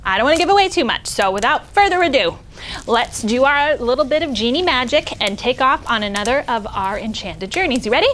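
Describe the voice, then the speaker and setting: Playful storytime host, woman, bright lively voice that swoops a lot. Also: fairly high pitch, a little fast. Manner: animated, playful. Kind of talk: reading a picture book aloud to kids.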